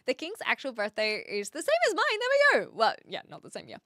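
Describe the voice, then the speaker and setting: A woman's voice: high voice, wildly swooping pitch, fairly quick, pushed and bright, no room sound, studio quality. A young woman from New Zealand with a Kiwi accent, chatting casually with her live-stream viewers and reading out their comments, with lots of fillers. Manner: chatty, reads chat aloud, many fillers.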